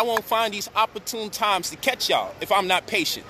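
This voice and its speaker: Indignant man ranting with a bright edge. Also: high voice, normal speed, a little hiss or hum. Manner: indignant, profane, rising to near shouting at times. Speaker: online commentator addressing his audience. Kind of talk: heated direct-to-camera rant.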